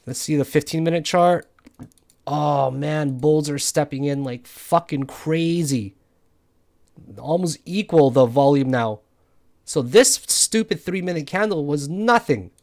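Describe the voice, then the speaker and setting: A tired man giving live commentary on his trades, frustrated and swearing often as he thinks out loud. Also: a little high, a little slow. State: tired from no sleep. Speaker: crypto day trader. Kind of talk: live trading commentary over charts.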